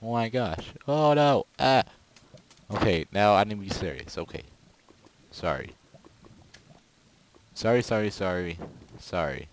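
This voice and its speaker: Goofy low-voiced man narrating gameplay. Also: unhurried, long pauses, poor audio. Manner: goofy, rambling, excitable outbursts. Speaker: gaming video creator. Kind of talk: casual gameplay commentary.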